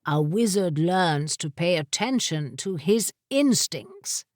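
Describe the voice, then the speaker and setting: A woman's voice: mid-range voice, big pitch swings, measured pace, no echo, studio quality. A woman voicing a self-satisfied, pompous older male wizard in an audiobook. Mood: smug. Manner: pompous, knowing, pleased with himself.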